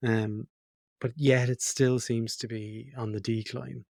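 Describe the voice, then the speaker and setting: A man hosts an interview and thinks aloud as he asks his questions, his voice at an ordinary middle pitch for a man. The recording is dry and close, with no room sound around him. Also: little pitch movement, slow pace, gravelly, darkish tone, no echo. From Ireland. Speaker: podcast host. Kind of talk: conversational interview. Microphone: remote call mic.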